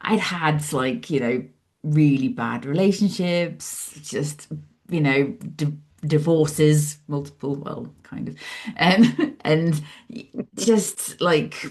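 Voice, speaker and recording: Her voice is deep and her pace slow. She's a guest on an interview, a psychologist and author in her 40s, recounting her story animatedly and voicing her former thoughts in lively asides.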